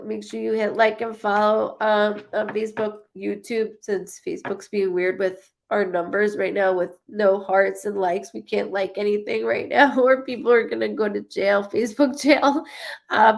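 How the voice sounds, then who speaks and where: A woman's voice: medium pitch, vocal fry. A woman hosting a psychic live stream, chatting casually and effusively with viewers as she reads their comments. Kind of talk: casual livestream chat reading comments.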